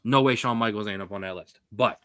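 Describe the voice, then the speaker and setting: A young man co-hosting a sports podcast, talking in a rambling, jokey, animated way. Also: lowish voice, fast talker, dry recording. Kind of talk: casual sports chat.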